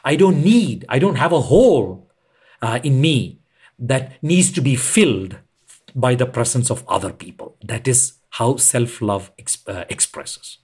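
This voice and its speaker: As a podcast guest and retreat leader, a man gives a reflective, conversational explanation in a husky, slightly breathy voice. His pitch moves animatedly while he speaks earnestly and emphatically, pausing for weight.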